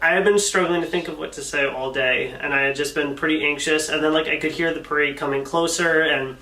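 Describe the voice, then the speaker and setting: A man's voice: a little high, a little fast, far from the mic. A man in a casual vlog, telling a story and acting out quotes with animation. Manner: animated retelling with acted quotes. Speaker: vlogger telling the proposal story. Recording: echoey room, camera mic from afar.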